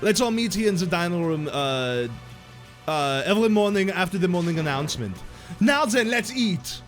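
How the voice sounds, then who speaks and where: A man's voice: medium pitch, flat delivery, very slow, a bit bright, faint music behind, pitched below the performer's own voice. A man voicing a stiff, rule-loving young male class monitor in a video game, with a mock German accent and a formal, commanding manner.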